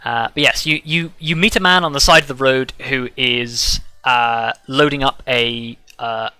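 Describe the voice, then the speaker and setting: A man narrating as dungeon master, halting often with fillers. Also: medium pitch, steady tone, pushed and bright, smooth, no room sound. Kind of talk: narrating a tabletop game.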